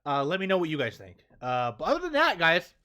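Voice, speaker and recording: A man hosting a casual manga chapter review, excitable and chatty, tagging on "right?" and "man" as he talks. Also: fairly high pitch, fast talker. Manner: excitable, keeps asking "right?" and saying "man".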